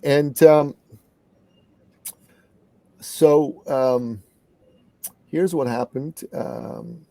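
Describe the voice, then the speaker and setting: A middle-aged man from Canada telling a story in an interview as a guest business coach, earnest and animated. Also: fairly high pitch, very slow, gravelly, long pauses, no echo.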